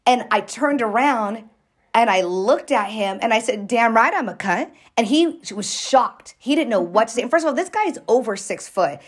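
A woman telling a story in casual chat with friends, animated and profane, acting out what people said. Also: fairly high pitch, normal speed, slightly rough. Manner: animated, profane, acts out quoted lines. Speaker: storyteller recounting a fight.

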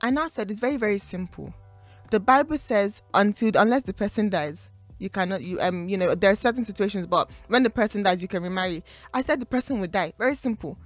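A young woman in casual podcast chat, mid-pitched and animated. She talks in a preachy way, laughs often and drops casual slang. The sound is dry and close. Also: fast talker, no echo, soft background music. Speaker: podcast co-host.

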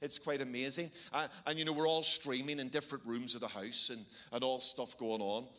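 A middle-aged Irish man preaching a sermon, telling stories with animated, sometimes shouted bursts. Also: mid-range voice, fairly quick. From Ireland. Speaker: pastor.

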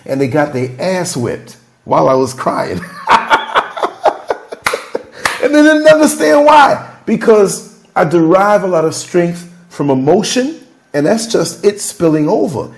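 A man hosting a candid podcast, his voice sitting a little higher than most men's. He tells stories emphatically and emotionally, one thought tumbling into the next. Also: big pitch swings, normal speed, darkish tone, slight background noise. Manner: emphatic, emotional, freewheeling storytelling. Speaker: podcast host.

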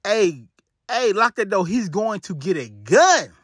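A man's voice: high-pitched, lively intonation, measured pace, a bit bright, breathy edge, no echo, clean studio sound, heavily acted. A man voicing a frightened woman who urgently warns her sister about a gun. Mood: panicked. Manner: urgent, pleading.

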